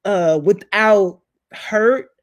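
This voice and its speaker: Animated storytelling woman in her forties. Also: very slow. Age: 40s. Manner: animated storyteller, acts out voices with big pitch jumps. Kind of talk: casual heartfelt conversation.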